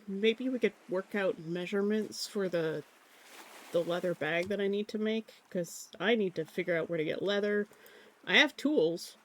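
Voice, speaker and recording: A live streamer chats casually while drawing, speaking at normal speed in a voice of middling pitch. The talk rambles and drifts between thoughts, and the streamer is easily distracted and pokes light fun at themself.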